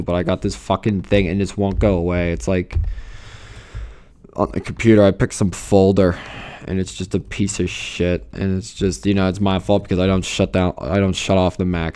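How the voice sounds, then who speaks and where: A man's voice: low voice, darkish tone, smooth. A young man, ranting casually and profanely, full of fillers and rambling asides. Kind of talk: casual rant.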